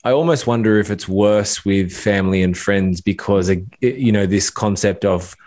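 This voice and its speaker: A man's voice: lowish voice, moderate pace, a little mellow. A man co-hosting a casual chat, speaking frankly and swearing freely. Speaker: podcast co-host.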